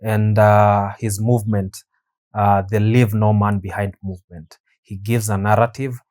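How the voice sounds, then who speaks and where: A man hosting his own show, talking in an earnest, measured way with frequent pauses. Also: fairly low pitch, level tone, darkish tone. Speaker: podcast host. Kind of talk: reflective solo talk.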